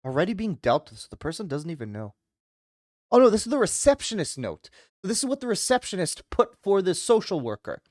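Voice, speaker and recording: A streamer chatting casually on a live stream and reading a visual novel aloud, rambling and animated, with lots of "like" and quick laughs. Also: mid-range voice, dry recording, studio quality.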